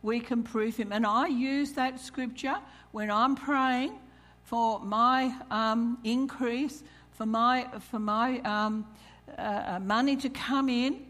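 Slow-speaking woman preaching. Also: a little high, fairly even intonation, fairly bright tone. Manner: calls questions to the congregation, reads scripture, chuckles. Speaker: church speaker. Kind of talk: sermon on tithing.

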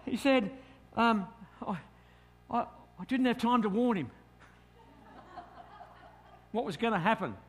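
A middle-aged Australian man, a pastor telling a lively story in a sermon and acting out his own thoughts. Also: high voice, takes it slowly, pauses often.

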